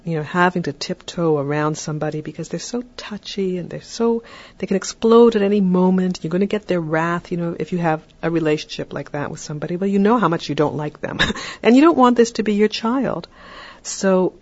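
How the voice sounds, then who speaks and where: Calm explainy podcast voice, mid pitch, kinda muffled audio. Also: fairly quick. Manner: calm, explanatory, with frequent um and right. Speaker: podcast host giving parenting advice. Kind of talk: advice talk on a podcast.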